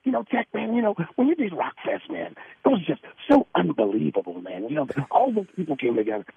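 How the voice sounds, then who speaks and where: A man putting on the voice of an excitable male radio host, gushing and tagging "man" onto his sentences. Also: a little high, fast, vocal fry, slightly rough, no echo, phone-quality sound, pitched above the performer's own voice, exaggerated voice.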